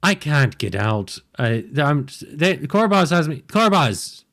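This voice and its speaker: A man's voice: a little high, sing-song, slow pace, a bit bright, voice pushed up, exaggerated voice. A man voicing a frightened male gnome held captive, stammering and pleading. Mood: flustered.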